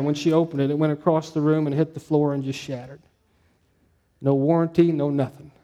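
Male pastor, easygoing sermon delivery, slightly high, warm tone. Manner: conversational, storytelling, frequent "um" and "right?".

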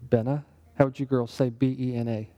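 A man with a mellow, relaxed voice leads a Bible study. He talks in an easy conversational way and keeps checking in with his listeners with quick questions. It sounds like a casual teaching session rather than a formal sermon. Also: medium pitch. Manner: conversational, asks the group questions. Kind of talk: interactive sermon.

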